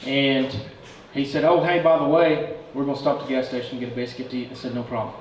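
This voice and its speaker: A man making a best man's toast, cracking jokes and stumbling through "ums" as he tries not to cry. He sounds far from the mic in a strongly echoing room, with clear noise behind him. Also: mid-range voice, flat delivery. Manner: joking, halting, fighting back tears. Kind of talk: emotional wedding speech. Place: wedding reception room. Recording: very echoey room, distant mic, noisy.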